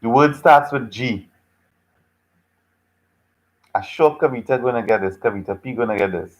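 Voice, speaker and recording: A man's voice: mid-range voice, moderate pace, low-quality recording. A man teaching a live online class, reacting to students' chat answers in a patient, teasing way and repeating his phrases several times. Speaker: lecturer.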